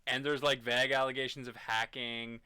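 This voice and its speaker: A man co-hosting a gaming podcast in casual chat, animated and rambling with lots of fillers. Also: mid-range voice, brisk, a little hiss or hum. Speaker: podcast co-host.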